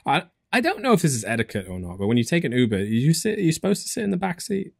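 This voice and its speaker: A man's voice: fairly high pitch, big pitch swings, fast talker, vocal fry, dry recording, studio quality. A young man with a British accent in casual podcast chat, laid-back and wisecracking. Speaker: podcast co-host.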